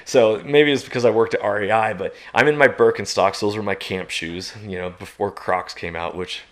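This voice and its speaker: A man, a podcast guest, telling a long outdoor story in a lively way, laughing and jumping into loud high shouts as he acts it out. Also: normal speed. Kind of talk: animated storytelling.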